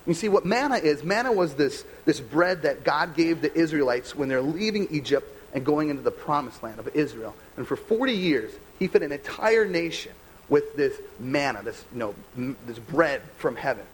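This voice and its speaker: A young adult American man, a pastor giving a conversational, animated sermon full of rhetorical questions. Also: a little high, moderate pace, slight background noise, low-quality recording. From United States.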